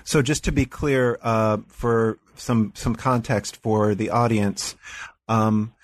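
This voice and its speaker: A man's voice: on the low side, steady tone, takes it slowly. A man interviewing a guest, asking careful questions with restarts and clarifications. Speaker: interviewer host.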